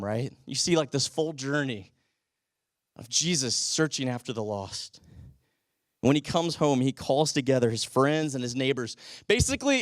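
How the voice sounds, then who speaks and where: Male teaching pastor with a high voice, casual sermon delivery full of rhetorical questions, dry recording. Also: no echo. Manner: conversational, asks the congregation rhetorical questions.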